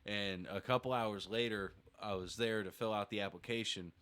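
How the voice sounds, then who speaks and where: A man hosting a podcast, talking casually, swearing freely and laughing loudly. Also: fairly low pitch, steady tone, normal speed, smooth. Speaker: podcast host. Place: podcast studio.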